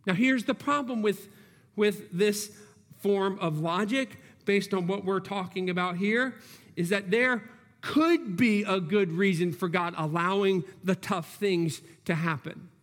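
A man's voice: high-pitched, unhurried, fairly bright tone. A man preaching a sermon as pastor, earnest and reasoning aloud with frequent restarts. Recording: long hall reverb.

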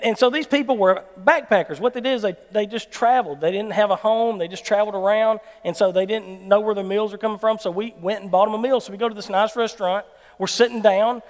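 A man with a Southern American accent preaching a sermon as an animated storyteller. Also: high voice. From Mississippi, US South. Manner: animated storyteller who acts out quoted people. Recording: long hall reverb.

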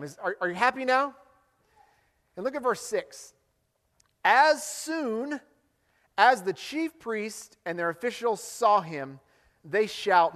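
A man preaching a sermon, explaining scripture with animated delivery and acted-out quotes. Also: high-pitched, a little slow, big-room sound. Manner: animated, acts out quoted lines. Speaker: pastor.

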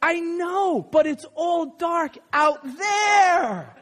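A man voicing a small, frightened bear cub from a storybook, read slowly and timidly. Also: very high-pitched, expressive, a bit bright, in a large hall, pitched above the performer's own voice, full character voice. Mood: scared.

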